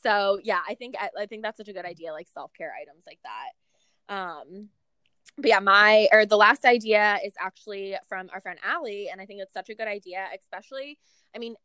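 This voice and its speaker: A chatty young woman co-hosting a casual talk, her voice bright and smooth, with many fillers. She is recorded close and dry, with no room sound. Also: medium pitch, normal speed, dry recording. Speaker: podcast co-host. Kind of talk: casual chat.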